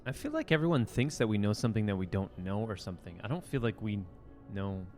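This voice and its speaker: Player firing off doubtful questions fast, bit of music behind. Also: medium pitch, sing-song, darkish tone. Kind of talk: tabletop game role-play.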